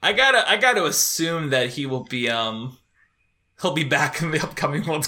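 A man co-hosting a podcast in casual chat, joking and animated, often laughing as he talks. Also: fairly high pitch, normal speed. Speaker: podcast co-host.

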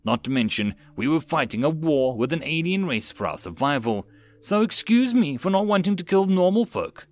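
A man's voice: mid-range voice, animated, normal speed, few pauses, natural voice. A man voicing a tense male sergeant in an audiobook, barking terse orders over the radio. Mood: commanding.

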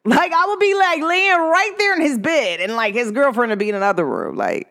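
Smooth-voiced woman telling a rambling story. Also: big pitch swings, a little fast, fairly bright tone. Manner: rambling, heavy use of "like", pitch swings up and down sharply. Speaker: vlogger. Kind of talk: casual personal storytelling.

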